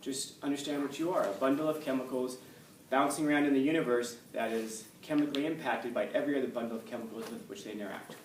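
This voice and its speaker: A man's voice: medium pitch, fairly even intonation, fast. A male teacher lecturing his class, blunt and direct, firing rhetorical questions at his students. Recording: echoey classroom from far off, faint room hum.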